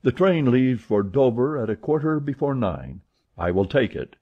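A man voicing a calm, precise English gentleman who speaks in a measured, composed way, with a husky voice on a dull recording. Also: mid-range voice, voice pushed up.

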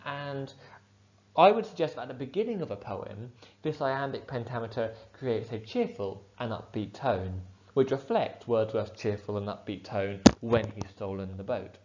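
A male teacher giving a measured, clear explanation of a poem, with the odd filler. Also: mid-range voice, lively intonation, darkish tone. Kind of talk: poetry analysis lesson. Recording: dull lo-fi sound.

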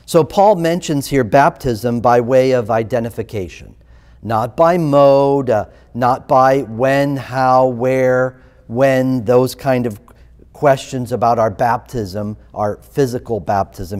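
A man's voice: medium pitch, darkish tone. A man preaching a sermon as pastor, emphatic and repeating rhetorical questions. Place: church sanctuary. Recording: long reverb of a church hall.

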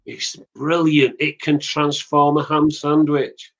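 A middle-aged Mancunian man, a soap actor guesting on a web show, chats casually and rambles through anecdotes with a chuckle. His voice is a little high and fairly bright but flat, and he speaks slowly. The audio sounds dull.

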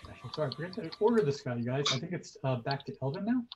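A man narrating as game master of a tabletop game, with hesitant pauses and many fillers. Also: a little high, sing-song, dull audio, a little hiss or hum. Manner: hesitant, many ums and likes.

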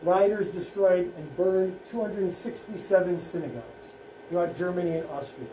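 A man, a rabbi, giving a solemn presentation at a school in short, measured phrases. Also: high voice, dark tone, slight background noise. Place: school room. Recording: echoey room, faint ambience.

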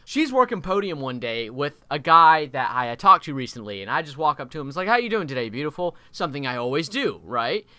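A young man narrating an animated storytime video in an exaggerated, swearing, animated way. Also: on the high side, fairly quick, hardly any pauses, clear, resonant tone, no echo. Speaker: YouTube storyteller.

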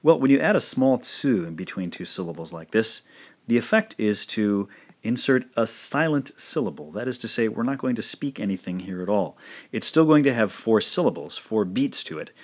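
In a recorded language lesson, a man with a lowish voice carefully sounds out each syllable at a slow pace, saying every one twice.

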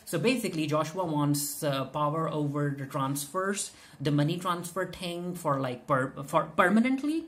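Low-voiced woman recapping a TV episode. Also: lively intonation, moderate pace, hardly any pauses. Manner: chatty, many filler "uh"s and restarts, retells scenes with quoted lines. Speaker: TV recap reviewer. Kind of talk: casual recap commentary.

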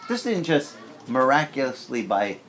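A man preaching a sermon as pastor in a church, talking in a candid, conversational way and breaking into lively acted-out prayers. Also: medium pitch, normal speed, slight background noise.

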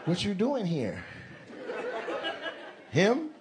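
A man's voice: mid-range voice, lively intonation, unhurried. A man doing stand-up crowd work, teasing audience members with playful banter on a comedy club stage. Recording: live club with loud crowd. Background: audience laughter.

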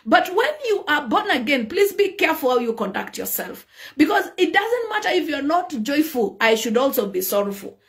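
A Kenyan woman preaching with high, bright energy. She preaches in an animated way and slips into the voices of the people in her stories. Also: normal speed. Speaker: pastor. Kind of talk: sermon.

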